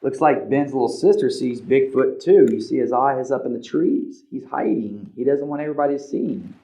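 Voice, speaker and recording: A man reading a picture book aloud to children as a librarian, animated, pointing out the pictures and asking questions. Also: medium pitch, a little fast. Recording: slightly dull lo-fi recording.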